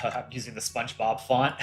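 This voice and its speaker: A man's voice: medium pitch, a bit bright. A man casually hosting a livestream, chatting with viewers in a loose way with restarts and frequent laughter. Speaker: animator and livestream host.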